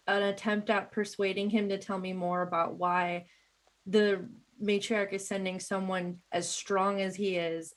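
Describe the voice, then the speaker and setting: A woman at a tabletop game talks in a chatty, casual way at a mid pitch. She thinks aloud, restarts her sentences and reads out her dice rolls. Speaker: player.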